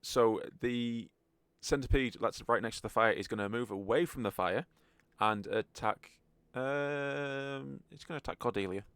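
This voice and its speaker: A man's voice: mid-range voice, measured pace, hardly any pauses, fairly bright tone, clear, resonant tone, no room sound. A man narrating a tabletop game as game master, in a wry, joking manner.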